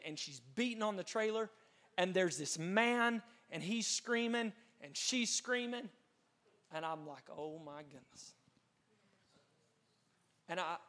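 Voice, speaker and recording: A man's voice: sits high, fairly bright tone. A man, a pastor telling an earnest, dramatic testimony in a sermon, with frequent restarts. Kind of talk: storytelling sermon.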